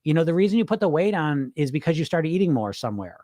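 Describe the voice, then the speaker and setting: A man's voice: a little high, very animated, fast talker, mellow, no echo, studio quality. A middle-aged man coaching on weight loss in a loose, rambling live-stream chat, swearing casually and restarting his sentences.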